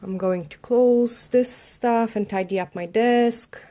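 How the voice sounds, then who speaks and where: A woman's voice: a little high, slow pace, dark tone. A woman nail artist chatting on a live tutorial stream, narrating as she tidies her desk, with non-native phrasing. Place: home work desk.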